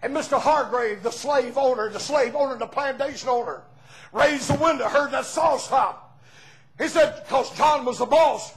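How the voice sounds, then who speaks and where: An older man with a Southern US accent preaching a fiery revival sermon in a church, rising into shouted peaks and asking the congregation to answer back. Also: very high voice, moderate pace. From Southern United States.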